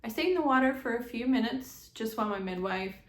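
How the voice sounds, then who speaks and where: A young adult woman telling her own birth story in a chatty, animated way, with many quick asides and laughs. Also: a little high. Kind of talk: casual storytelling to camera. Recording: echoey room.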